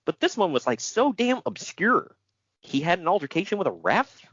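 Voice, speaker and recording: A man's voice: high-pitched, moderate pace, no room sound, highs cut off. A man co-hosting a podcast, chatting casually about old wrestling news with sarcasm and frequent laughs. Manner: animated, sarcastic, laughs often. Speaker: podcast co-host.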